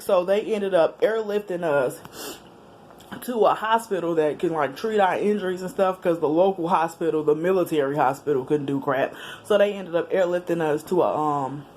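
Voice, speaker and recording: Woman vlogger, chatty storytelling, faint background hiss. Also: deep voice. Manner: animated, chatty, with slang and laughs. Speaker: vlogger telling a personal story. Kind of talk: casual storytelling to camera.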